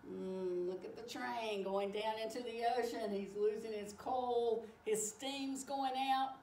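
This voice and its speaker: A woman reading a picture book aloud to children, exclaiming often in an animated way. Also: a little high, slight background noise. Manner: animated, exclaiming, slow and warm-paced. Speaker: storyteller. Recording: echoey room, far from mic.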